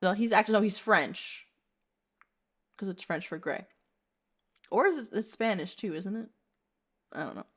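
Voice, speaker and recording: A woman's voice: mid-range voice, moderate pace, pauses often, a bit bright. A woman streaming casually, laughing often as she reads viewer character entries aloud in a playful, dramatic voice. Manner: giggly, laughs often mid-sentence. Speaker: VTuber streamer.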